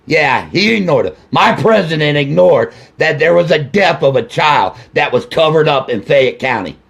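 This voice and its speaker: A furious, grieving father rants into his own video camera. He hammers out accusations and curses, repeating lines again and again. His voice is gravelly with creak and sits somewhat high for a man. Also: lively intonation, moderate pace, fairly bright tone. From Ohio. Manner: angry, accusing, repetitive, swearing. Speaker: grieving father addressing officials. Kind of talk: angry direct-to-camera video rant.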